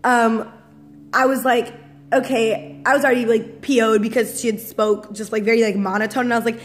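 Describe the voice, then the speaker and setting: A young woman with a high, light voice chats straight to the camera in a casual vlog. She tells her story in an exasperated, chatty way, with "like" all through it. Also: flat delivery, fairly quick, rough recording. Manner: chatty and exasperated, heavy use of "like". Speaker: vlogger.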